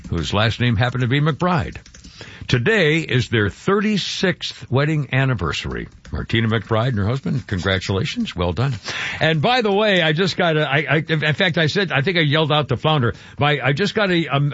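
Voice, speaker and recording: A man's voice: medium pitch, fairly bright tone, no echo, highs cut off. An older man hosting a radio show in casual talk, rambling, stopping himself mid-sentence and chuckling as he goes. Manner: rambling, self-interrupting, chuckling.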